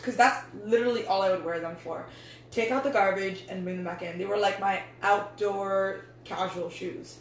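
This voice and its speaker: A woman's voice: a little high, measured pace. A young woman talks loosely to camera, peppering her talk with swearing and slang. She sits back from the mic, so her voice sounds distant and bounces around an echoey room, with faint noise underneath. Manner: loose, chatty, swears freely, says "like" and "yo" a lot. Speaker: meditation coach. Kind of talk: casual vlog talk.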